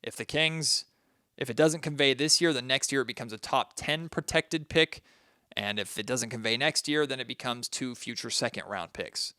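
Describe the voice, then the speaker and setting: A man's voice: mid-range voice, normal speed, pushed and bright, dry recording, studio quality. A man hosting a solo sports podcast, venting his frustration and talking straight to his listeners. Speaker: podcast host.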